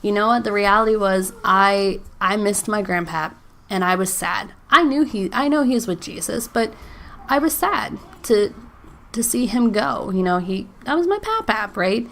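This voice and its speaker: Speaking at a moderate pace with a fairly bright, animated tone and medium pitch, this solo faith-podcast host is a woman in her thirties. Her chatty style is full of "like"s, "um"s, and little laughs between ideas. At moments she sounds near tears, clearly moved.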